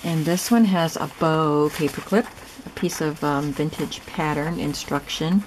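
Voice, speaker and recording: A woman casually narrating a show-and-tell of a handmade journal, soft, chatty and admiring as she thinks aloud. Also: sits low, measured pace, noisy background. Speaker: craft vlogger showing a gifted journal.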